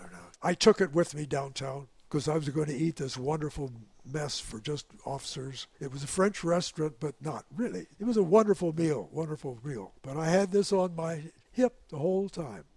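A man's voice: on the high side, a little mellow, husky, no echo. An older man, a former wartime pilot, telling stories in an interview and acting out the dialogue. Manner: acts out dialogue, repeats words. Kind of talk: animated storytelling.

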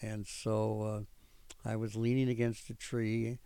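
An older man recalling his army days in an oral history interview, rambling and pausing often with fillers. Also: fairly low pitch, level tone, dark tone, clear, resonant tone, no echo. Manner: rambling storytelling with frequent pauses and fillers. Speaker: veteran interviewee.

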